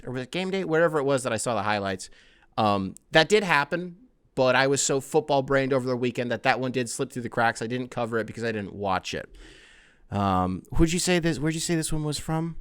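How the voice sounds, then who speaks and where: Male podcast host, animated, joking, middle pitch, dry close sound. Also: smooth, no echo. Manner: animated, joking, often laughing, swearing. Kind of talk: casual podcast chat reading listener emails.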